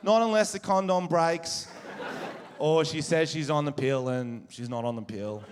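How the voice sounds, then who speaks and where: An Australian man doing stand-up comedy, telling crude, animated stories on stage. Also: a little high, measured pace, clean tone. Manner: crude, animated storytelling with crowd laughter. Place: live comedy venue with audience. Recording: live stage recording with crowd. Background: audience laughter.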